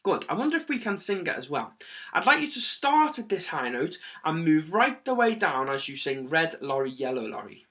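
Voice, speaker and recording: A man teaching a singing lesson for children, his voice pitched a little high with a bright, forceful edge. He talks clearly and encouragingly, keeping the energy up as he coaches. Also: big pitch swings, moderate pace. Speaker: music teacher.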